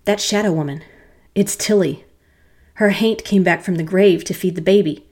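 A woman's voice: lowish voice, moderate pace, darkish tone, lightly acted. A woman voicing a frightened rural man who speaks urgently.

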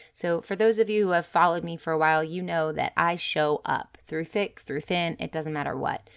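A woman business coach talking candidly and earnestly about taking a break from posting content. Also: lowish voice. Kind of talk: casual direct-to-camera talk.

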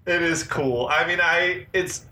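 A man's voice: on the high side, unhurried, bright, forceful tone. A man co-hosting a podcast, recapping a movie scene by scene in casual chat, laughing often. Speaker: podcast co-host. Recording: echoey room with faint noise.

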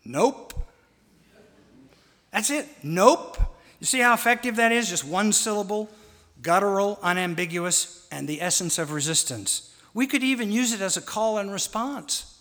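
A man's voice: sits high, moderate pace, pushed and bright. A man preaching a sermon to a congregation, dramatic and mocking, leading call-and-response. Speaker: pastor. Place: church sanctuary. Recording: long reverb of a large church.

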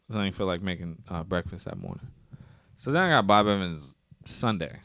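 A man's voice: sits low, fairly quick, no echo, clean studio sound. A man telling a long story in casual conversation, swearing freely and acting out what other people said. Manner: profane, animated storytelling with acted-out quotes. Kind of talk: casual chat.

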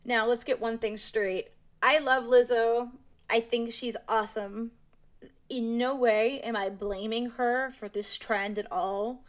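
A woman's voice: a little high, fairly even intonation, slow. A young woman vlogging, speaking candidly and with emphasis, firm in her opinions as she talks to her viewers. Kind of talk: casual commentary to camera.

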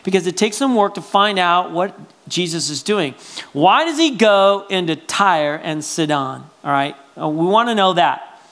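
Guy pastor preaching, chatty and animated, lots of "right?" asides, goes loud then quiet. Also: high-pitched. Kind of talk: sermon.

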